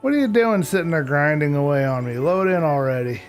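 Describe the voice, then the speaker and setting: A man's voice: fairly high pitch, expressive, a little fast, soft background music. A man chatting casually to viewers during a live game stream, talking to himself and grumbling mildly about technical glitches. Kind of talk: casual live-stream chat while gaming.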